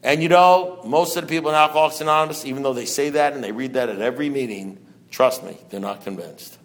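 A man's voice: medium pitch, fast talker. A man speaking at a recovery meeting, preaching with rhetorical questions and wry humor. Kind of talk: impassioned talk to a meeting. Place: meeting room with an audience.

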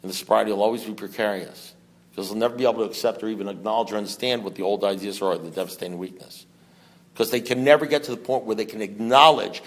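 A fast-talking man with a mid-range voice gives an impassioned talk at a recovery meeting. He preaches with rhetorical questions and wry humor to an audience in a meeting room.

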